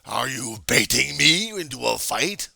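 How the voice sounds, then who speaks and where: A man's voice: medium pitch, very animated, measured pace, creaky, bright, forceful tone, no room sound, clean studio sound, pitched above the performer's own voice, exaggerated voice. A man voicing a hostile male street heckler who rants and screams insults. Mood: shouting.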